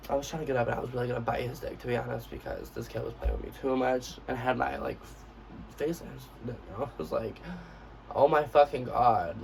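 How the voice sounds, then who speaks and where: A brash young man tells a profane storytime in a loose, casual vlog voice. His voice is gravelly with a mid pitch, and he sits a little back from the mic over faint room noise. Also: far from the mic, poor audio. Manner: brash, profane, acts out quotes of himself. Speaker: vlogger.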